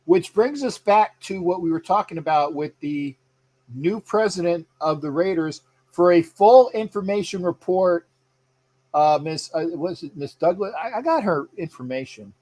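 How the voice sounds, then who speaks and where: A man's voice: sits high, lively intonation, moderate pace, darkish tone. A man hosting a casual live sports show, rambling and chatty as he reads out viewer comments. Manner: frequent fillers and restarts. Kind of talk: casual live-stream chat.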